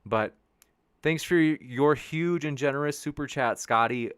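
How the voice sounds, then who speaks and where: A man's voice: on the high side, measured pace, a bit bright, smooth, dry recording, clean studio sound. A man hosting a debate show live stream, reading viewer comments in a rambling, upbeat way, with many restarts. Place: home studio with a backdrop sheet behind.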